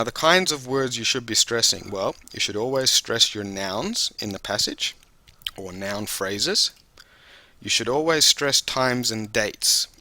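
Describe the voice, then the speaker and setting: Male test-prep teacher, lowish bright voice, patient explainer, dry sound. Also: no echo. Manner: patient, explanatory, addresses the viewer directly. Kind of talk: instructional video lesson.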